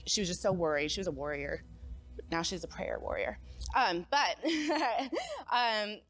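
Chatty young woman giving church testimony. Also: lowish voice. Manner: casual and conversational, often asks the crowd "right?"; engages the audience, asks them to call out. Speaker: speaker at a young adults' church gathering. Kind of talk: personal testimony talk.

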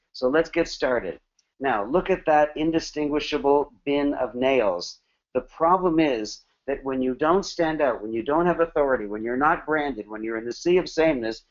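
A man's voice: on the high side, highs cut off. A man in his forties giving a motivational business workshop, emphatic and full of rhetorical questions and punchy repetition. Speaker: business presenter.

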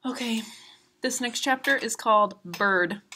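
A woman reading a novel aloud at a steady pace, adding brief asides about the chapters. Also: fairly high pitch, measured pace, slight background noise. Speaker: reader of a novel.

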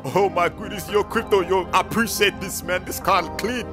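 A man roleplaying a car buyer in a game, excitable and full of slang, calling everyone bro. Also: sits high, moderate pace, music in the background.

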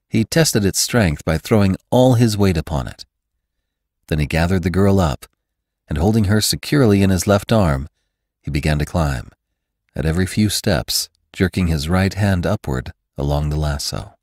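Deep-voiced man narrating a classic novel. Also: dry recording, clean studio sound. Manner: measured, expressive storytelling. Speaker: narrator and podcast host. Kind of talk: scripted audiobook narration.

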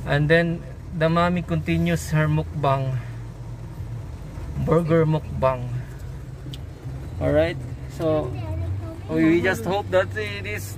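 A man giving halting, slow commentary for a family vlog outdoors by a car in the rain. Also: fairly high pitch, noisy background. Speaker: family vlogger. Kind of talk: casual family vlog narration.

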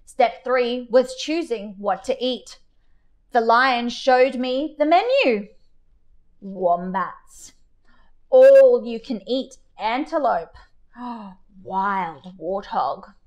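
A woman reads a picture book aloud for children at home, playful and animated in her delivery. Her pace is very slow and deliberate. Her voice sits a little above the usual. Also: a little high. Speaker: children's story time reader. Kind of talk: children's story reading.

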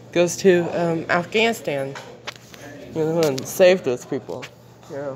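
A man giving casual commentary while reading news headlines aloud, exclaiming often and repeating himself in outrage. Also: fairly high pitch. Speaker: commentary vlogger.

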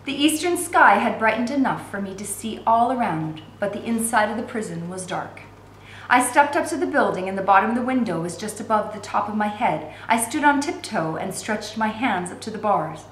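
A woman teacher reads a novel aloud, steady and expressive. Her voice is at an average pitch. The room adds a clear echo. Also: normal speed, a little hiss or hum. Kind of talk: read-aloud narration.

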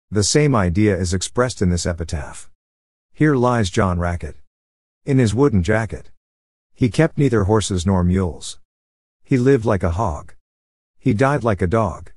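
A man reading a Bible study commentary aloud in a steady, measured way, with no fillers. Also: on the low side, no room sound, studio quality.

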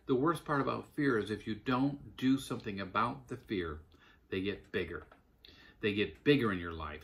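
A middle-aged man talks straight to camera in a motivational, storytelling style. His voice sits at an ordinary pitch but rises and falls a great deal, animated as he tells stories. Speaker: online business coach.

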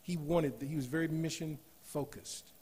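A man preaching a sermon in a church, rising to loud emphatic scripture reading and dropping to softer asides. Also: a little high, fairly even intonation, moderate pace, slight background noise. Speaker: guest preacher. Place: church sanctuary.

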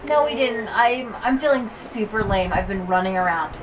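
A woman's voice: mid-range voice, normal speed, distant mic. A young woman chatting casually in her home kitchen in a family vlog, sounding off-mic. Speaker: vlogger mom. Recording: roomy kitchen audio, off-mic, noisy.

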